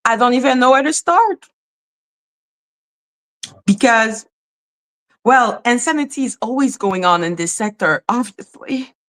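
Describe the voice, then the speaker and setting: A woman hosts a loose, chatty livestream, greeting her viewers by name and breaking into exclamations. Her voice sits a little high. She talks at an unhurried, drawn-out pace. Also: animated, fairly bright tone. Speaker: livestream commentary host.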